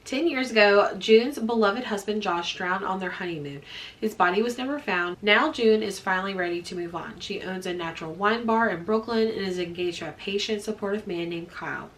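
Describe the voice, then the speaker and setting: A woman's voice: medium pitch, fairly quick, a bit bright. Young woman booktuber, nasally from a cold, chatty and upbeat, lots of "like". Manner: chatty, upbeat, frequent fillers. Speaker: book vlogger. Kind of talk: casual chat to camera.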